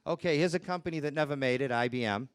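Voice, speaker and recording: A man lecturing on nonverbal communication as a trainer, animated and acting out other people's voices as he presents with slides. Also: fairly high pitch, fast, clean tone.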